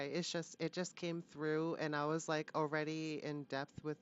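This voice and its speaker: Low-voiced woman giving a tarot reading. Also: flat delivery, a little hiss or hum. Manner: halting, full of fillers and restarts. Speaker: tarot reader. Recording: dull lo-fi, dry sound.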